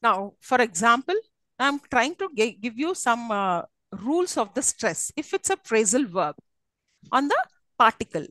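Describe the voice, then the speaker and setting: High-voiced woman lecturing. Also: very animated, a little slow, a bit bright, no echo, rough recording. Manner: explains step by step, often checks "okay?". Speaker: English lecturer. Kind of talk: live classroom lecture.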